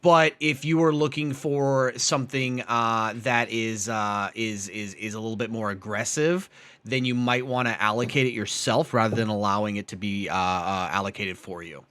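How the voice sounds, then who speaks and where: A man hosting a live stream call-in show, excitable and rambling, with many restarts. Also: lowish voice, normal speed. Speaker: host.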